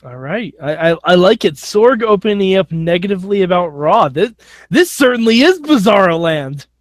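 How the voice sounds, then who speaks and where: A high-pitched man co-hosts a casual podcast, teasing and jokey, jumping from loud outbursts to low mutters. His voice comes through a video call with a dry, close sound. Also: very animated, moderate pace, dry recording. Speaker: co-host.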